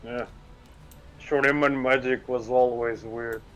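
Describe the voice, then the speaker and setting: Blunt deadpan man at a game table. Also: mid-range voice, slow, a little hiss or hum, rough recording. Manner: blunt, deadpan, short replies. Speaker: player. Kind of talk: casual chat and in-character banter at a tabletop game.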